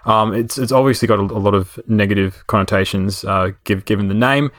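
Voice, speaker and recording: A man's voice: fairly low pitch, a little fast, fairly bright tone, no echo, clean studio sound. A man co-hosting a casual chat, stumbling and hesitant as he poses a question.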